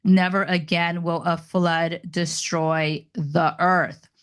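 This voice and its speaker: A woman's voice: lowish voice, little pitch movement, slow pace, smooth, no room sound. A woman hosting a daily Bible reading, reading verses and adding chatty, laughing asides while stumbling over names. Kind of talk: casual Bible reading with commentary.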